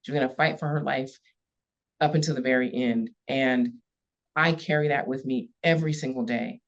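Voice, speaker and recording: A woman's voice: rumbling low, steady tone, moderate pace. A woman police chief telling a story in a podcast interview, earnest and emphatic, repeating key words for weight. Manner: earnest, repetitive emphasis, gets emotional. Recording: slightly dull lo-fi audio.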